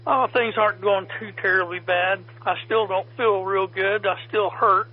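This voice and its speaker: A man's voice: high voice, steady tone, normal speed, a little hiss or hum. A man from south central Illinois checking into a radio net, rambling in a friendly way with many fillers. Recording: dull lo-fi radio audio.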